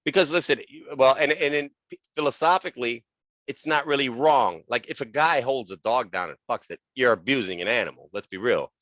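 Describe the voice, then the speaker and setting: A man's voice: medium pitch, a little fast, a bit bright, no echo. A man co-hosting a comedy podcast, talking bluntly with lots of swearing and "bro" in casual banter. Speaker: podcast co-host.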